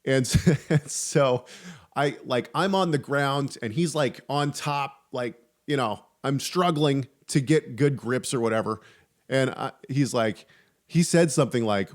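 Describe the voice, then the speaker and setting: A man's voice: mid-range voice, a little slow. A man hosting a podcast, discussing theology casually with frequent restarts and wry humor. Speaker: podcast host.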